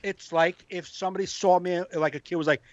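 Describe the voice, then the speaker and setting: A man, a comedian hosting a podcast, telling a profane, animated story in casual banter. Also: sits high, fairly quick, no room sound, lo-fi sound. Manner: animated storyteller, profane, acts out quoted voices.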